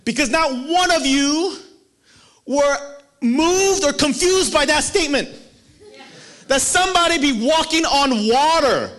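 A man preaching a sermon in a playful, animated way, acting out the people in the story and laughing often. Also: very high-pitched, measured pace.

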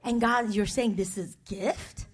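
A middle-aged woman's husky, medium-pitched voice stays fairly even and unhurried as she preaches. Her sermon is personal and emotional, full of confession, call-and-response, and chatty remarks aimed at the congregation.

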